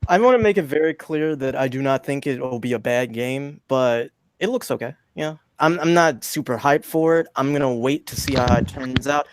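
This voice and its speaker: A man co-hosting a casual gaming podcast, giving measured, hedged opinions. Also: medium pitch, clean tone, no room sound.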